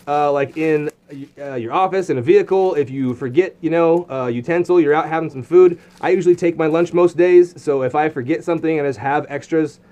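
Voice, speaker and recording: A man's voice: on the high side, a little mellow. A man giving casual, rambling commentary while unboxing outdoor gear, with lots of fillers and restarts.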